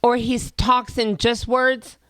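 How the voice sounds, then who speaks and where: A woman comedian talking on a radio show in a fairly high voice, animated and quick to act out other people. The sound is dry and close, with no room around it. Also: clear, resonant tone, no echo. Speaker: comedian guest. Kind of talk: comic storytelling on a radio show. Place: radio studio.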